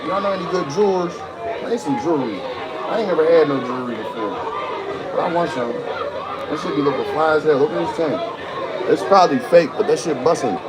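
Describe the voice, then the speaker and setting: A man's voice: fairly high pitch, expressive, brisk, over a noisy crowd, very noisy. A young man chatting casually on a livestream to his viewers, laid-back, slangy and profane, often giggly.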